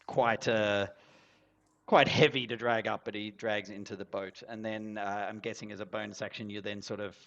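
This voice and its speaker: A man's voice: lowish voice, level tone, normal speed, creaky, a bit bright, highs cut off. A man narrating as game master, rambling with many fillers.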